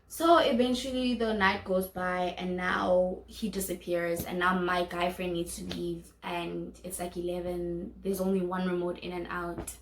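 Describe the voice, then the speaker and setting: A woman's voice: on the low side, little pitch movement, unhurried, hardly any pauses. A young South African woman with a South African accent, telling a personal story on her vlog and acting out what others said. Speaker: vlogger. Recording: echoey room.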